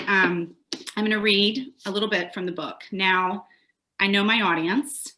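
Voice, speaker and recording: Bright-voiced woman reading her own book. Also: medium pitch. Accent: light Southern American. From American South. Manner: chatty, self-deprecating, with frequent ums and restarts. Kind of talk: book launch talk and reading aloud.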